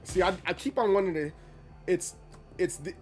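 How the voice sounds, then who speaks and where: A man casually commenting on his live stream, chatty and animated as he talks to his chat between rounds. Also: high-pitched, moderate pace, faint music behind. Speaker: game streamer.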